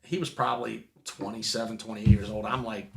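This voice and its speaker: A man's voice: on the low side, fairly even intonation, fairly quick, creaky, reverberant. A man telling a long story as a guest, rambling with restarts and casual swearing.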